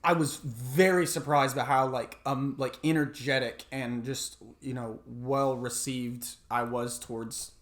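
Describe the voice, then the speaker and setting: A man's voice: medium pitch, fairly even intonation, measured pace, hardly any pauses, a bit bright. A man co-hosting a podcast, talking about a movie with enthusiasm, often restarting sentences and using fillers. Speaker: podcast co-host. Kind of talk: casual movie review chat.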